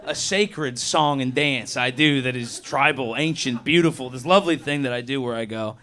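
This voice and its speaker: A young man doing a crude, animated stand-up set, acting out people with quick voices. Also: medium pitch. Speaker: stand-up comedian. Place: comedy club stage. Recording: live club recording with audience noise.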